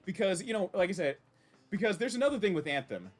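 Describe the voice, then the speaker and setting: A man's voice: high voice, sing-song, fast talker. A man casually chatting while streaming a game, rambling and reacting with many restarts. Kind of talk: casual live-stream commentary.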